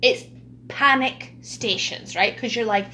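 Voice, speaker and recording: A woman's voice: fairly high pitch, a little slow, sharp tone, a little hiss or hum. A woman telling a funny childhood story in casual chat, laughing and using lots of fillers.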